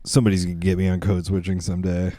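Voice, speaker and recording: A man's voice: low voice, completely flat delivery, very fast, mellow, dry recording, studio quality. A young man co-hosting a casual late-night podcast, rambling through stories, swearing and acting out quotes. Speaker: podcast co-host.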